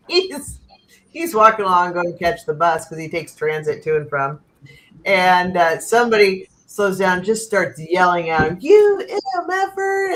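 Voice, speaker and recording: A woman's voice: lowish voice, a bit bright, low-quality recording. A woman hosting a casual livestream chat over a video call. She laughs often while she tells stories. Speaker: host.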